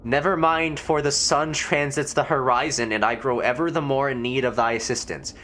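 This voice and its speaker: A man's voice: medium pitch, fairly even intonation, moderate pace, a bit bright, a little hiss or hum, lightly acted. A man voicing an insistent woman landlady in a video game, speaking in a formal, old-fashioned way with thee and thou.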